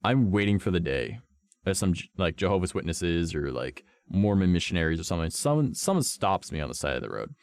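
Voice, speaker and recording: A man's voice: deep voice, very animated, brisk, darkish tone, smooth, no echo, clean studio sound. A young adult man streaming, telling a story in casual chat, blunt and profane.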